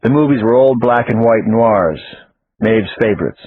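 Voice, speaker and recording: A man narrating an audiobook in the first person, plain and steady. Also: fairly low pitch, moderate pace, a little hiss or hum. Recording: tinny phone-like audio, faint music.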